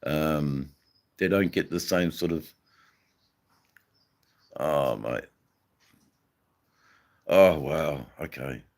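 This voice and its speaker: Deep-voiced Australian man chatting on a livestream. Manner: halting, many ums and repeats. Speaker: livestream host reading chat. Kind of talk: casual live-stream chat.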